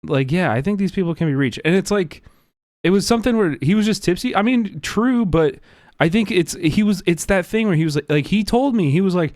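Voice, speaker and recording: A man's voice: a little high, lively intonation, brisk, darkish tone, no echo, studio quality. A man hosting a livestream, talking casually and earnestly, rambling with many fillers. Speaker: livestream host.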